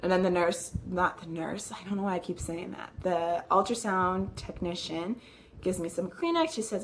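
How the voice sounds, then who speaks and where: This is a fairly low-pitched female voice at a moderate pace, with a little background noise. In a chatty vlog she recounts an upsetting visit that made her nervous, filling gaps with "like" and restarting sentences as she rambles.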